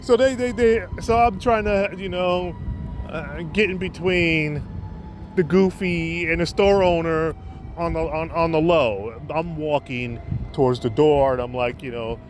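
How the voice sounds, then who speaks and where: A man's voice: a little high, fairly even intonation, unhurried, soft background music. A man casually telling street stories, rambling with many restarts and fillers. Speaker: storyteller vlogger. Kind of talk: casual anecdote storytelling.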